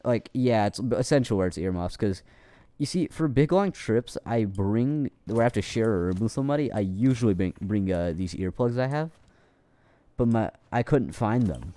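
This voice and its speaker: A man's voice: on the low side, expressive, moderate pace, warm tone. A young man casually telling a rambling, profane story with lots of restarts, as a streamer.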